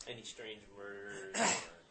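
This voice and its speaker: A man's voice: mid-range voice, sing-song, measured pace, creaky, heavy background noise. A man playing a tabletop game, easygoing and agreeable. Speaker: player.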